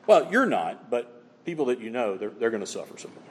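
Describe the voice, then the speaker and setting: A man preaching a sermon as pastor, emphatic, swinging between loud exclamations and low, quiet asides. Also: wildly swooping pitch, fast, long reverb tail.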